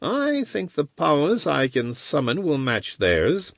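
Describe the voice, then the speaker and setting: A man's voice: a little high, huge pitch swings, slow, vocal fry, a bit bright, dry recording, pitched above the performer's own voice, heavily acted. A man reading an audiobook, voicing a cold, scheming male wizard who speaks dryly and bleakly in a raised voice. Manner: dry and clipped.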